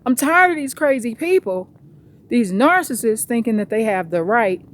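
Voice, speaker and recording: A woman's voice: a little high, lively intonation, normal speed, slight background noise, pitched above the performer's own voice, natural voice. A woman voicing an exasperated police officer who vents and curses about the job. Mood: fed up. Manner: venting, cursing, exasperated.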